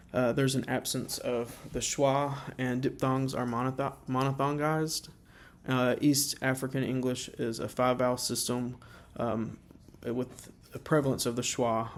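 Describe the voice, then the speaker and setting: A man presents an informal slideshow at medium pitch, halting often and filling gaps with fillers. He slows down to sound out example words.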